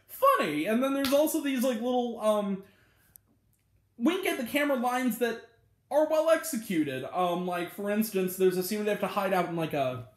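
This high-voiced, chatty channel host reviews a movie in casual speech, expressive and at a moderate pace. He rambles, leans heavily on filler words, and laughs at his own retellings, all in a roomy, echoing recording.

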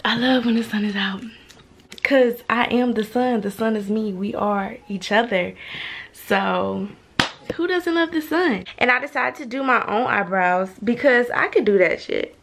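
A young woman chats in a casual vlog, bubbly and full of slang. Her voice sits a little high. A faint hiss runs under the phone-camera recording. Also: measured pace, creaky, a bit bright. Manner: bubbly, slangy, talks straight to viewers. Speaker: vlogger.

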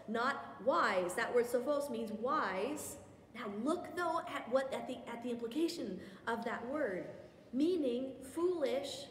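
This woman's voice is fairly high, with a little background noise. In an echoey church hall with faint ambience, she walks a women's Bible study group through the lesson one step at a time, slipping in casual asides and self-corrections.

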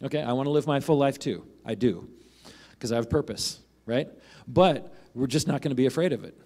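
A male pastor delivering a sermon in a relaxed, conversational tone. His voice sits at a middle pitch. He checks in with the congregation with a quick "right?" and briefly acts out the people he quotes.

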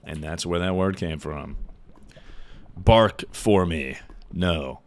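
A man's voice: low-pitched, takes it slowly. A young man livestreaming a game, chatting casually with his viewers, joking and swearing as he answers their messages. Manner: loose and joking, swears freely, answers chat out loud. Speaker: livestreamer playing a game and reading chat. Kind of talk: casual stream chat.

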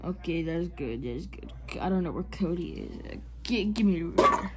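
A woman's voice: on the low side, lively intonation, moderate pace, voice pushed down. A woman voicing a drunk, dazed young male puppet who stammers and slurs in a comedy parody. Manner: slurred, stammering, forgetful.

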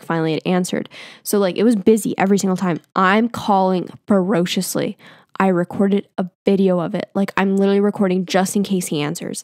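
A woman's voice: medium pitch, no echo. Chatty young woman podcast host, dry. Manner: chatty, filler-heavy, self-mocking. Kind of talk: casual storytelling. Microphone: podcast mic.

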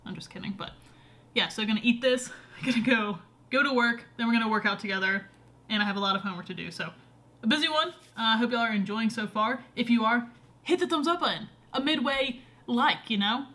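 A woman's voice: fairly high pitch, lively intonation, fairly quick, pushed and bright. A young woman vlogging at home, talking casually to a camera on a tripod in a rambling, chatty way with lots of fillers. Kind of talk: casual vlog chat. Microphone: camera on a short tripod.

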